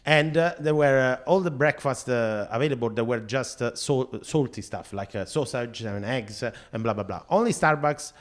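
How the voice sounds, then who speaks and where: A man with an Italian accent chats casually as a guest, his voice sitting at an ordinary middle pitch. He stops often to hunt for the right English word. He pushes his points with emphatic disbelief. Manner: halting, searching for English words; incredulous and emphatic about food habits. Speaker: podcast guest. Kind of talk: casual chat.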